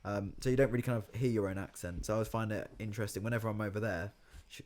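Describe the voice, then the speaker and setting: A man's voice: on the low side, fairly even intonation, very fast, darkish tone. A young man, chatting loosely as a podcast guest, rambling with lots of "kind of" and "like". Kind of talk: casual chat.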